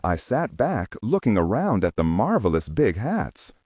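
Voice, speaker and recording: A male audiobook narrator with a low, husky voice that swings widely in pitch as he tells the story in the first person. His delivery is reflective, and the recording is dry, with the mic set a little back. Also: huge pitch swings, a little slow, darkish tone, no echo, recorded from a distance. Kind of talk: scripted narration.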